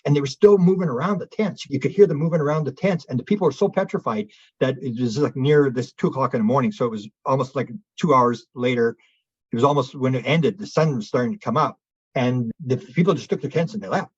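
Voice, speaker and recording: A man's voice: mid-range voice, breathy edge, dry recording, dull audio. A man who is a guest on an interview show, telling a long story with energy and acting out the people he quotes. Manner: acts out quoted witnesses in raised voices. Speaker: interview guest, UFO researcher. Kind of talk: animated storytelling.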